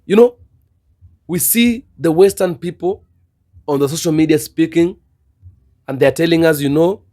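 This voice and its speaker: A man's voice: a little high, moderate pace, pauses often, mellow. A man giving impassioned commentary on the state of his continent, repeating himself and building to fervent, preachy outbursts. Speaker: political commentator.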